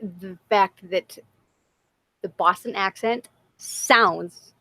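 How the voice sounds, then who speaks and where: Woman livestream co-host, profane, animated chatter, average pitch. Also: slow, dry recording. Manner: profane, animated, laughing often. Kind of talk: casual livestream chat.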